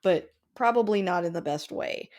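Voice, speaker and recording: A woman's voice: lowish voice, normal speed, a little mellow. A woman co-hosting a casual movie podcast, conversational and laughing often, filling her talk with "like" and "you know". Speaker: podcast host.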